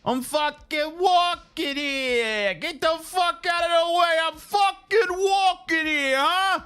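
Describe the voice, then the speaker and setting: Guy doing a shouty new street dude, squeaky high, slow and drawn out. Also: full character voice. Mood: belligerent. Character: brash loud male New York pedestrian, hostile.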